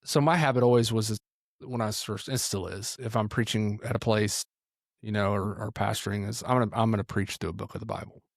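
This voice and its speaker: A man's voice: lowish voice, quick pace, gravelly, no room sound, studio quality. A man who is a pastor and ministry teacher, telling stories in a podcast conversation and acting out what people said. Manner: animated storyteller acting out quotes.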